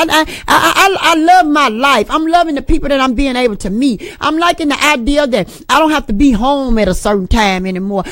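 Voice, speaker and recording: A woman's voice: sits high, no room sound. A middle-aged woman, preaching an informal sermon with folksy jokes and asides to the congregation.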